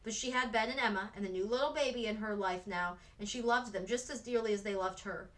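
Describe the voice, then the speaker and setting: A woman teacher reading a chapter book aloud with steady, expressive storytelling. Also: medium pitch, fast, low-quality recording. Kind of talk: read-aloud narration.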